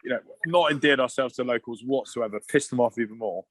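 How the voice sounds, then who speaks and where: A man in his thirties telling loose, animated rugby stories in casual podcast chat. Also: medium pitch, fast talker, noisy background. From England. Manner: animated, swearing anecdotes with asides and restarts. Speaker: guest, former rugby player.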